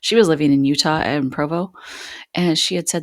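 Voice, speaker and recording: A woman host candidly telling a personal story on a podcast, halting and pausing often. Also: deep voice, fairly even intonation, no echo, clean studio sound. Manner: candid, halting, many pauses.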